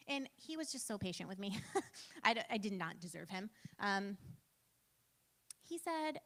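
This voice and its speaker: A woman's voice: mid-range voice, lively intonation, normal speed, long pauses, fairly bright tone. A woman in her thirties giving a casual church training talk, chatty and self-deprecating, with lots of "like" and "um". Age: 30s.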